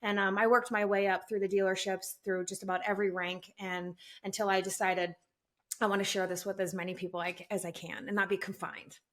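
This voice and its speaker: A woman in her forties tells her story as a podcast guest. Her voice is bright and clear, and she talks in a lively way, slipping into higher voices whenever she quotes someone. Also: brisk. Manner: animated, acts out quotes in raised voice. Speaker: guest, sales training company president. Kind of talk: candid storytelling interview.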